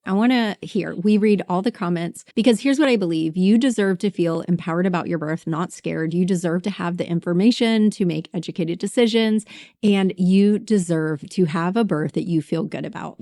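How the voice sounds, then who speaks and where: A woman's voice: fairly low pitch, normal speed, a little mellow, no room sound, studio quality, soft background music. A woman hosting a podcast, talking directly to listeners in a gushing, encouraging way and reading her own promo. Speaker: podcast host and birth coach. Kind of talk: podcast outro and ad read.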